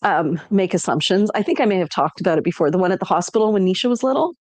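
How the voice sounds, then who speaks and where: A woman co-hosting a casual live stream, animated and acting out what people say. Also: medium pitch, rapid-fire, no room sound. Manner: animated, acts out quotes. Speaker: shop live-stream co-host.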